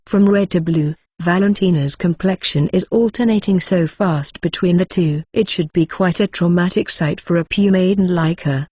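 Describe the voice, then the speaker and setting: A synthetic woman's voice narrating a novel in a flat, mechanical way, reading punctuation aloud. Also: fairly low pitch, breathy edge, dry recording, studio quality. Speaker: audiobook narrator. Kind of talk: scripted narration.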